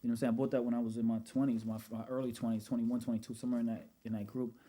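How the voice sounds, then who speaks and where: A man's voice: medium pitch, flat delivery, racing, warm tone. A man from Brooklyn with a New York accent, a podcast guest in his thirties, telling stories in casual slang and often saying "you know what I'm saying". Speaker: podcast guest, rental business owner.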